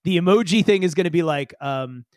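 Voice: mid-range voice, brisk, darkish tone, no echo. Chatty game master, dry close sound. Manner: chatty, explains with many fillers. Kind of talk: narrating a tabletop game.

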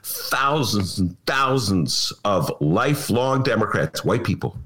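Older man, from Chicago, political comedy host, sarcastic, mocking, lively swooping voice. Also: lowish voice, slow. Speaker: podcast host.

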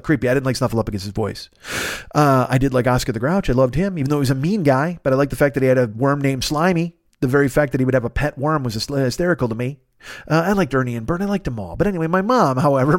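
A man's voice: medium pitch, no echo, studio quality. Profane rambling man on a comedy podcast. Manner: rambling, profane, with goofy sound effects and voices. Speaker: podcast host. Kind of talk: casual comic monologue.

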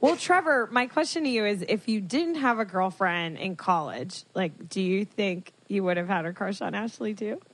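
Rozbawiona, przekomarzająca się młoda kobieta. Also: female voice, mid-range voice, normal speed, hardly any pauses, poor audio. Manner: teasing, excitable, laughing. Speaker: podcast co-host. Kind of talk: casual chat.

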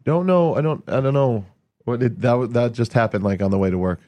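A man's voice: mid-range voice, a little fast, warm tone, no echo. A man co-hosting a podcast in casual chat, a bit stuffed-up and sniffly, rambling with restarts and frequent laughs. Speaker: podcast co-host.

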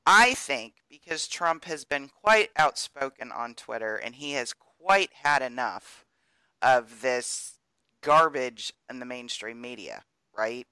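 A man's voice: medium pitch, lively intonation, slow pace, pushed and bright, clean tone, no echo, rough recording. A man co-hosting a podcast, giving emphatic, opinionated political commentary. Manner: opinionated, emphatic, builds arguments. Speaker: podcast co-host.

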